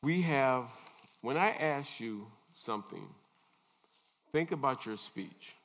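A man preaching a sermon, unhurried, pausing often and asking his listeners questions. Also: medium pitch, lively intonation, a bit bright. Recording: long reverb in a large hall.

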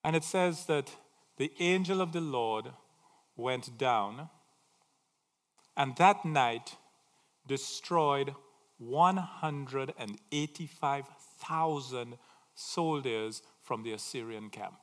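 A man preaching a sermon, swinging from loud emphatic phrases to quiet asides. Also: mid-range voice, slow pace, long reverb tail.

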